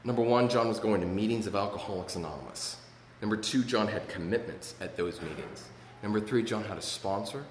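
A man giving an earnest personal recovery talk, halting, with many restarts and repeated words. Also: fairly low pitch. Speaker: recovery speaker sharing his story. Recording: echoey hall, faint room noise.

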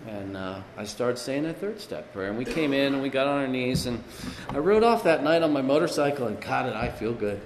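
A man tells his recovery story to a meeting in a loose, rambling way, filling gaps with "you know". His mid-pitched voice carries a long echo through the hall, with faint room noise behind. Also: expressive, a little fast, few pauses. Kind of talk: personal recovery testimony. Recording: echoey hall with long reverb.

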